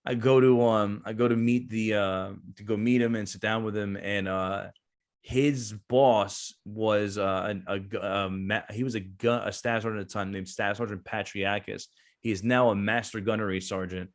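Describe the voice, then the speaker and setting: Man, around thirty, guest storyteller, somewhat low voice, rambling, fillers and restarts. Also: steady tone, normal speed. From New Jersey. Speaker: guest, veteran business owner. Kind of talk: casual storytelling.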